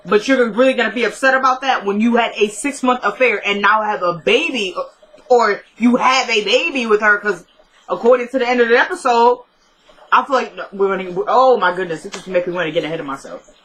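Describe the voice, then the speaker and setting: Bright-voiced woman with chatty, opinionated commentary. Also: mid-range voice, rough recording. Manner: chatty, opinionated, quick asides and jokes. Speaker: TV episode reviewer. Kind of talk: casual episode recap with commentary.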